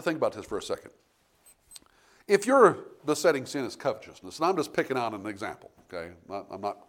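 A middle-aged man preaching a sermon, telling homey stories and building to forceful emphasis. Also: medium pitch. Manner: folksy storytelling preacher, rising to forceful emphasis. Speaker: pastor.

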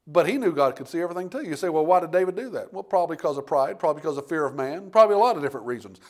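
A man preaching a sermon with a fairly high voice. He tells homespun stories and keeps calling out for amens. He swings between booming emphasis and hushed, low asides. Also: animated, racing. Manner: folksy storytelling, calls out "Amen?".

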